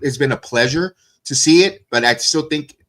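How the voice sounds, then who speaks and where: A hoarse man co-hosting a casual podcast, rambling and restarting his sentences often. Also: a little high, moderate pace, a bit bright. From USA. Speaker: co-host. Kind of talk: casual wrestling podcast chat.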